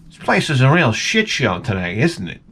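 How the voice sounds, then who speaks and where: A man voicing a quiet young male coworker who mutters flatly and swears. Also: medium pitch, moderate pace, a little hiss or hum, pitched below the performer's own voice. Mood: deadpan.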